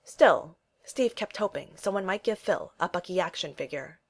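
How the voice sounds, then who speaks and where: A woman reading a children's storybook aloud, animated and changing her voice for the dialogue. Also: fairly low pitch, moderate pace. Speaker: narrator.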